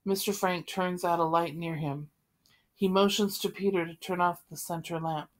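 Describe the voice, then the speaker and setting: Low-voiced woman reading a play. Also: steady tone, normal speed. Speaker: reader. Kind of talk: reading stage directions aloud.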